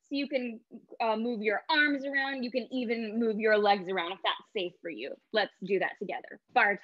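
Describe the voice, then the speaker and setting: A woman teaching artist leading a guided movement warm-up for children, upbeat and sing-song as she calls out each step. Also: fairly high pitch, fairly even intonation, moderate pace, no echo, lo-fi sound. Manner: upbeat, sing-song, leads call-and-response with voices.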